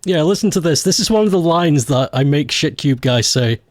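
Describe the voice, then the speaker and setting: A man's voice: a little high, animated, normal speed, a little mellow, dry recording. Laughing, swearing male streamer. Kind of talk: casual live stream chat.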